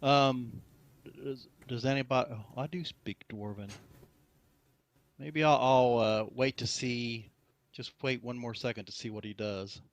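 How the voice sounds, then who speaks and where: A man's voice: mid-range voice, fairly even intonation, a little slow, muffled recording. A man playing in a tabletop game, hesitant and casual, sometimes speaking in character. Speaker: player.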